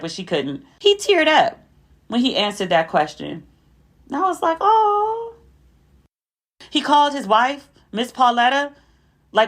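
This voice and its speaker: A woman hosting a podcast, telling stories in a chatty, animated way with asides to her listeners. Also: on the low side. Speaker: podcast host. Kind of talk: casual storytelling recap.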